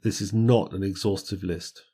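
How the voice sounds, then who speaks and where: A man teaching an English grammar lesson, reading word lists slowly with careful stress on each word. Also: deep voice, steady tone, warm tone, husky.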